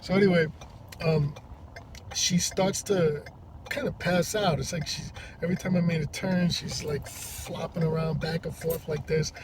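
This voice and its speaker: A man who drives for a rideshare service, telling a story to camera in a halting, rambling way, from inside a parked car. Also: on the high side, steady tone. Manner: rambling, halting with many restarts. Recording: distant mic with loud traffic noise. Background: loud vehicle and road noise.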